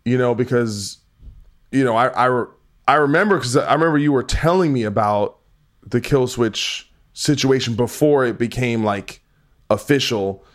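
A man hosting a podcast interview, talking in a halting, reflective way. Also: medium pitch. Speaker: podcast host. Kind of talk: casual interview.

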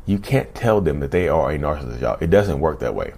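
A man's voice: extremely low pitch, animated, fairly quick, creaky, a little mellow. A man talking casually to his viewers, often calling them "y'all", in a direct-to-camera video monologue. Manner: conversational, keeps addressing viewers as "y'all". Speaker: vlogger talking about narcissism.

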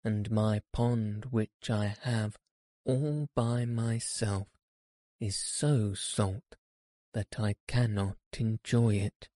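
A man reads out a fussy storybook frog who frets and lectures in a low, mellow voice. He takes his words very slowly and earnestly, and the sound is dry and close. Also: no echo. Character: fussy talkative male frog.

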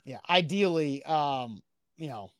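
A man hosting a sports radio morning show, telling a story in lively casual chat and acting out what people said. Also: fairly high pitch, slow pace, no room sound, studio quality. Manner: animated storyteller, acting out quotes.

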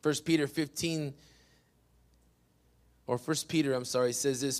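A man pastor delivering a sermon, dropping "amen" between phrases and swinging from loud emphatic bursts to hushed asides. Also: medium pitch, fairly even intonation, a little slow, pauses often.

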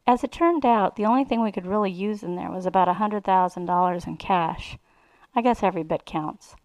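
A woman's voice: medium pitch, a little fast, darkish tone, dry recording, rough recording. A woman reading a first-person erotic story aloud in a sly, relishing way. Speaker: reader.

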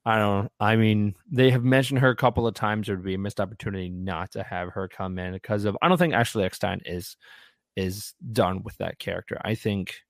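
Rambling low-voiced man. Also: brisk, no echo, clean studio sound. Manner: rambling, lots of restarts and fillers. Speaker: podcast co-host. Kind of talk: casual fan chat.

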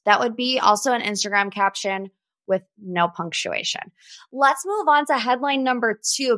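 A woman's voice: fairly high pitch, pushed and bright, dry recording. A young woman hosting a pop culture podcast, chatty and gossipy with sarcastic asides. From Ohio. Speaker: podcast host. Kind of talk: casual pop culture commentary.

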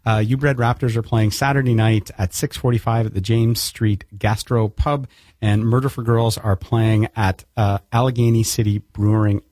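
A man's voice: lowish voice, level tone, normal speed, a little mellow, no echo. Canadian guy hosting a radio show, jokey, dry close studio sound. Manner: jokey, chatty, laughs often. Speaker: radio host. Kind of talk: casual radio interview.

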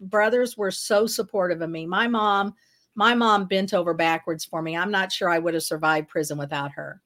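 A woman's voice: lowish voice, normal speed, fairly bright tone. Earnest woman author telling her story. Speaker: author and interview guest. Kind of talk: storytelling in a podcast interview.

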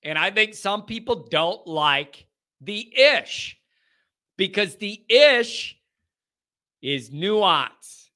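A man's voice: high-pitched, animated, extremely slow, pauses often, sharp tone. A man hosting a sports podcast, talking through his predictions in an emphatic, opinionated and sarcastic way. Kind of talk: casual sports commentary.

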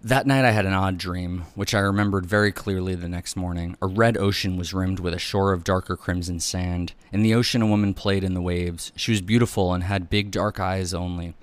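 A man narrating a first-person memoir as an audiobook reader, in a measured, even storytelling manner. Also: low voice, no room sound.

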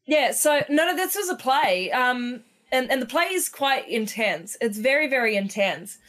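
A woman chatting on a podcast with friends, light and playful in her manner. Her voice sits a bit higher than most women's. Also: animated, moderate pace, a bit bright. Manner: playful, breaks into put-on accents. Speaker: podcast co-host. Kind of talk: casual group chat.

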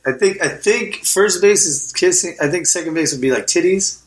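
A man's voice: high voice, normal speed. A man hosting a podcast, bantering crudely and bluntly with a co-host. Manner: profane, joking, blunt. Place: hotel suite. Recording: echoey room.

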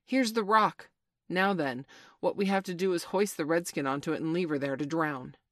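A woman voicing a rough male pirate with an Irish accent, loud and excitable. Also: on the low side, normal speed, dry recording, studio quality, close to an everyday voice. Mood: shouting.

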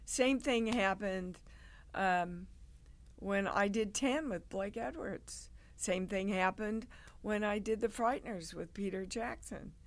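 An older woman, a guest actress, telling animated stories in a casual interview and acting out the people she quotes. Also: medium pitch, slow, a little hiss or hum. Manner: animated storyteller, acts out quoted voices.

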